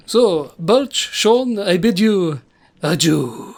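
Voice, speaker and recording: A woman's voice: mid-range voice, expressive, moderate pace, vocal fry. A woman voicing a polite, sinister male vampire who hosts guests at a castle. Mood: smooth, ominous. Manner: overly polite, with sinister double meanings.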